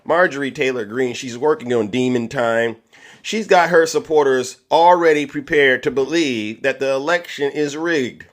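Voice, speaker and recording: A man's voice: medium pitch, moderate pace. Showboating male livestream host. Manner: boastful, showman catchphrases. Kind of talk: political commentary livestream.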